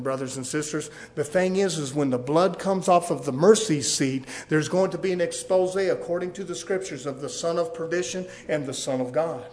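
High-voiced preacher shouting in bursts. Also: male voice. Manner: swings from low and quiet to loud shouting; emphatic, repetitive preaching cadence. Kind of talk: fiery sermon.

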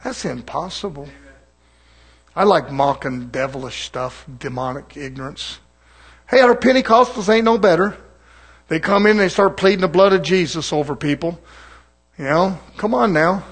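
High-voiced fiery preacher man. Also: animated, moderate pace, breathy edge. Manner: fiery, mocking, calls to the congregation. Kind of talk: sermon.

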